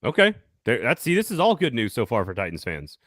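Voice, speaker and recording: A man's voice: medium pitch, wildly swooping pitch, brisk, fairly bright tone, no echo, studio quality. A man hosting a casual sports talk show, upbeat and jokey, laughing often and doing sponsor reads. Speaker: podcast host.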